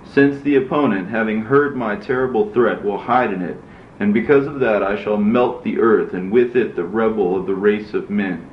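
A man voicing God as a stern male divine judge, in a measured, solemn reading. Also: on the low side, slight background noise, close to an everyday voice. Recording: roomy, dull lo-fi recording.

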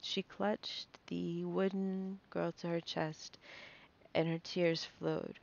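A woman with a low, gravelly voice reads a fantasy novel aloud, nervous and quick to stumble and correct herself. The recording is dull and lo-fi. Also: level tone, a little mellow. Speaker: reader.

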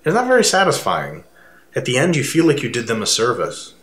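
A man co-hosting a casual fitness talk, speaking emphatically and building his voice up high when he makes a point. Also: brisk. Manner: animated, emphatic, swings to rising pitch when making a point. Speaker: fitness coach and co-host. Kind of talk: casual conversation. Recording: roomy echo.

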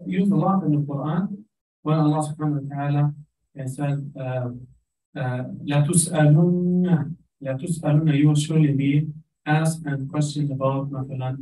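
A man's voice: on the high side, flat delivery, fairly quick, warm tone. A man with an Arabic accent, speaking Arabic natively, teaches Quranic Arabic in an informal lecture, earnestly restarting his phrases as he goes. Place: community center hall. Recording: echoey hall, from far off.

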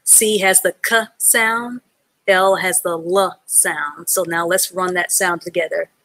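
A woman's voice: on the low side, steady tone, slow, sharp tone, no room sound. A woman teaching an adult reading class live online, patiently sounding out letters and words and praising learners from the chat.

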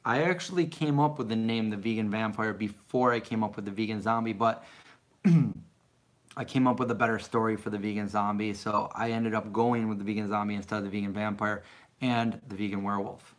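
A man's voice: on the low side, fairly even intonation, a little fast. A middle-aged man rambling casually as he answers viewer questions on a live stream. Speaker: vlogger answering live chat.

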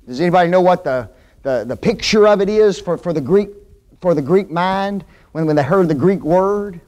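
Preacher, man, slightly high voice, folksy and animated, quizzing his Bible class. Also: normal speed. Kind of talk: sermon, Bible class teaching. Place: church classroom.

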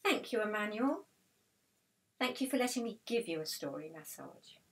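A woman trainer reading a rhyming children's story in a slow, soothing, clear way, then talking about her programme. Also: mid-range voice, sing-song, a bit bright.

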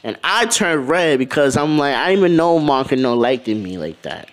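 A man telling a fan-fiction story in a loose, casual way, jumping around as he goes. His voice sits at a middle pitch and turns animated at the exciting parts. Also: normal speed. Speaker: channel host.

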